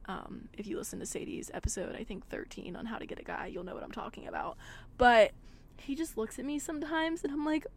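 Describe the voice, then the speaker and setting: A young woman hosts a podcast from a car parked at a gas station, chatting casually. She talks fast in a slightly high voice, says "like" often and swears a lot.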